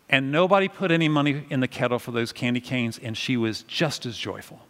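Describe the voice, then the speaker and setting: A man preaching a sermon, telling a story with lively acted-out voices. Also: mid-range voice, fairly quick, in a large hall. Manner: animated storytelling, acts out voices. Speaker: pastor.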